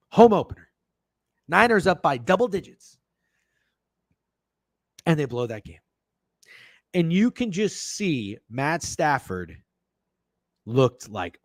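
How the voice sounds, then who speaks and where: A man's voice: a little high, big pitch swings, normal speed, dry recording. A man hosting a sports betting show, ranting in casual, profane chat and answering messages from viewers. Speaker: sports betting podcast host.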